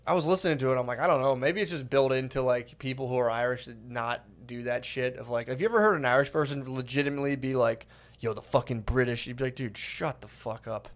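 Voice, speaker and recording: A man's voice: mid-range voice, fast talker. A man co-hosting a casual podcast, telling stories loosely with lots of swearing and mocking impressions. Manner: swearing, mocking, lively storytelling. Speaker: podcast co-host. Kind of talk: casual chat.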